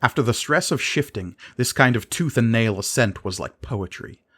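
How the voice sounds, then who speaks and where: A man narrating a fantasy audiobook in a measured, dramatic reading style. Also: mid-range voice, animated, fairly bright tone.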